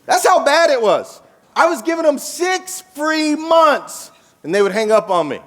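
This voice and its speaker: High-voiced guy hyping up a conference crowd, telling stories, big echoey hall sound. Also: a little slow. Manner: animated, jokey, engages the crowd with questions. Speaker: keynote speaker. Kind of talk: energetic conference keynote storytelling. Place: large dim conference hall. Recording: long hall reverb.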